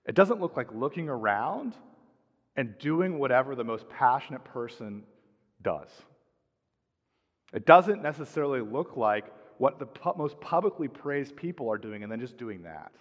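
Middle-aged pastor in a reverberant hall. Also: male voice, medium pitch, very animated, normal speed. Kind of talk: sermon. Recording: dull sound with long hall reverb.

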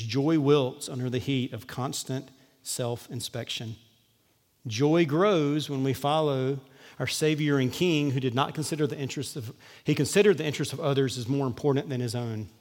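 Conversational pastor in reverberant hall. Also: male voice, mid-range voice, a little mellow. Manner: conversational, humorous, acts out quoted voices. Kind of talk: sermon. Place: church hall. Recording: long church-hall reverb.

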